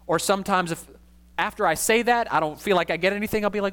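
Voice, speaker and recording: A man preaching a conversational sermon as a pastor, casual and animated, with slangy asides. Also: high-pitched, fast.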